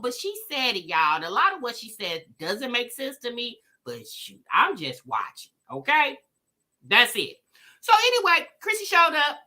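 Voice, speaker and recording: Woman livestream host, high and sharp-toned, chatty and sassy. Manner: chatty, greets viewers by name, sassy asides. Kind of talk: casual livestream commentary.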